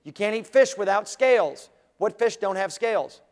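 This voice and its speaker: A man preaching a sermon as pastor, animated, acting out the voices he quotes. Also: high voice, normal speed. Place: church sanctuary. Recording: long reverb of a large room.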